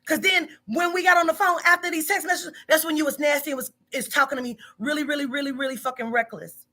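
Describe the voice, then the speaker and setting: A woman's voice: high voice, fairly even intonation, quick pace, pushed and bright. A woman who runs a psychic reading business, confronting a staff member in a profane, emphatic monologue full of repetition.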